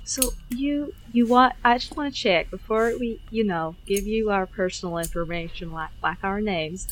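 A woman's voice: mid-range voice, moderate pace, a little hiss or hum, low-quality recording. A woman playing a tabletop game, speaking hesitantly and cautiously with small restarts. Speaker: player. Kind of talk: tabletop role-play.

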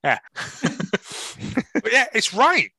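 Guy on a podcast, bouncy pitch, bright tone, animated, dry sound. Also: extremely slow, breathy edge, no room sound. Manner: animated, swearing, restarts and laughs. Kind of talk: casual wrestling chat.

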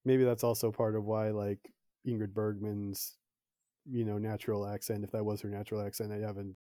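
Relaxed male guest, mellow even voice, dry close mic, thoughtful and hedging. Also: lowish voice, brisk, no room sound. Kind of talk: casual film discussion.

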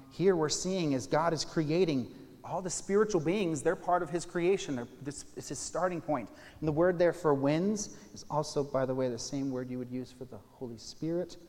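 A man preaching a sermon, teaching casually and a little self-deprecating, then reading scripture aloud with emphasis. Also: on the high side. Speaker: pastor. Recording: long hall reverb.

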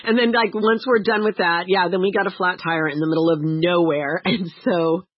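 Brief: woman podcast co-host, lively storyteller, husky voice, dry dull sound. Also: fairly low pitch, normal speed, no echo. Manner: animated storyteller, laughs often, acts out quotes. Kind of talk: casual chat.

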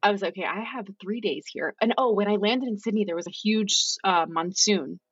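A young woman with a husky, slightly breathy voice tells her story as a podcast guest, lively and chatty, jumping into quoted voices of herself and her friends. The sound is dry and a little dull, with no room around it. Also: medium pitch, fairly quick, no room sound. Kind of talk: casual storytelling interview.

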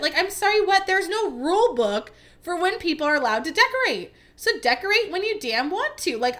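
A young woman hosting her own podcast, talking casually and animatedly, often working herself up into a playful rant. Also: sits high. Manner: chatty, animated, gets fired up and rants. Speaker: podcast host. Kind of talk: casual solo podcast chat.

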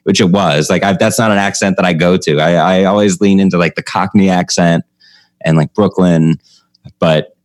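A man's voice: low voice, moderate pace, dry recording. A man who hosts a comedy podcast, talking casually about stand-up craft, chatty and laughing often. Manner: chatty, laughs often, animated when telling stories.

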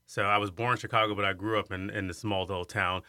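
Fifties male guest from Iowa, lowish voice with a bright edge, animated storyteller; dry sound. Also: quick pace, no room sound. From Iowa, USA. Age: 50s. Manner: animated storyteller who acts out quoted voices. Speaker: guest, singer and arts center director. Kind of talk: storytelling in an interview.

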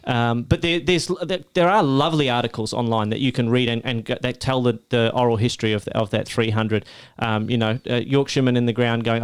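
A man's voice: mid-range voice, fairly even intonation, a little fast, few pauses, clear, resonant tone. A man co-hosting a casual podcast, telling a story with enthusiasm, correcting himself as he goes. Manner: enthusiastic, stat-heavy, self-correcting. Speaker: podcast co-host.

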